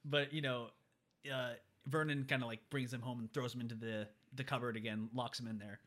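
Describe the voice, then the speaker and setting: A man casually recapping a movie with a co-host, animated and acting out characters in exaggerated voices. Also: mid-range voice, fairly quick. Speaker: podcast co-host.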